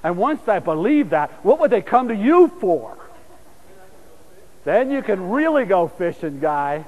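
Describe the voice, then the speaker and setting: A man delivering a sermon in a fairly high voice, storytelling with big swings between loud, urgent calls and hushed, soft asides. His words ring out with a long reverb, as if in a large church hall. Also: sing-song, measured pace, slight background noise. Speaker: preacher.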